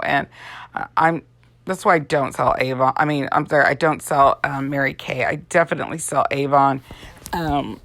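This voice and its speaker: A woman's voice: sits low, fairly even intonation, measured pace, a bit bright, dry recording. A tired woman in her forties, an Avon representative chatting in a rambling way while doing her makeup. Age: 40s. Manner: rambling, chatty, with many fillers. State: tired, yawning. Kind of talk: casual makeup vlog chat.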